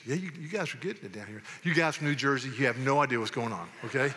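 A Southern American pastor preaches in a church sanctuary, emphatic and folksy, repeating words as he presses a point. His mid-range voice is fast, bright and forceful, with lively intonation and few pauses, and the church hall adds a long reverb.

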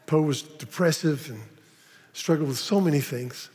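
A man preaching a sermon, often repeating words and slowing down dramatically on key phrases. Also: on the high side, a little mellow. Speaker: pastor. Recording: long reverb of a large hall.

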